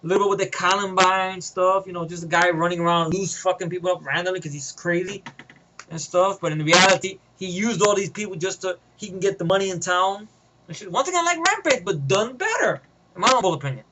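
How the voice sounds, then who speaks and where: एक आदमी अपनी फ़िल्म की कहानी बिखरे, बेलौस, गालियों भरे अंदाज़ में सुनाता है, बीच-बीच में "उह", "लाइक" जैसे भराव शब्दों के साथ।. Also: male voice, sits high, fairly quick, pushed and bright, slight background noise, rough recording. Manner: rambling, profane, filler-heavy. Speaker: vlogger. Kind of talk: casual retelling of a movie idea.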